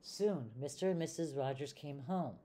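An older woman, a retired teacher, reading a children's storybook aloud in a gentle, expressive way. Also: low-pitched, normal speed.

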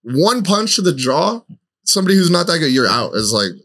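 A young man, a podcast guest and social media creator, telling loose, animated stories and swearing freely. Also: on the high side, brisk. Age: young adult. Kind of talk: casual storytelling.

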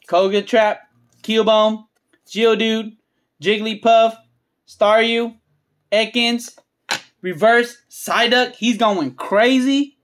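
A channel host rips trading card packs, listing cards under the breath and erupting with cursing hype at the big hits. The delivery is slow and drawn out, with emphatic repeats and shouts when something rare turns up. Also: medium pitch. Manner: excitable, swears freely, yells at big pulls; drawn-out, emphatic phrasing between muttered card lists. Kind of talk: hyped pack-opening vlog commentary.

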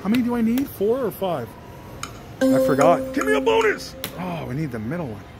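A slot machine vlogger giving excited live commentary on a casino floor, pleading with the machine over and over. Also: medium pitch, a little fast. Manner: excitable, pleads with the machine, repeats "come on" and "one more". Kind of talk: excited live commentary while playing slots. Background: jingling slot machine music.

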